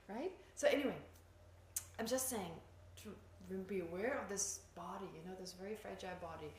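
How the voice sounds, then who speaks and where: A woman's voice: medium pitch, normal speed, slight background noise. A woman teaching Buddhism in an informal dharma talk, chatty, laughing often and poking fun at herself. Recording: echoey room, faint ambience.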